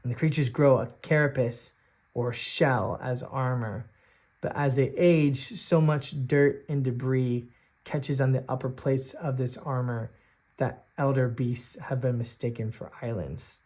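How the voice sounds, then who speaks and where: Man, solo tabletop game narrator, slow pace, hesitant, thinking aloud. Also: medium pitch, fairly even intonation, a little mellow. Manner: hesitant, full of fillers and restarts, thinking aloud. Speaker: game master and sole player.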